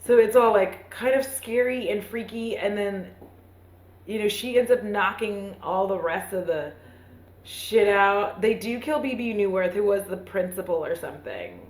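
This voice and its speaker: A woman's voice: medium pitch, expressive, a little slow. A woman hosting a comedic movie recap, rambling and profane with lots of fillers and self-mocking asides. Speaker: host. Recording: roomy echo.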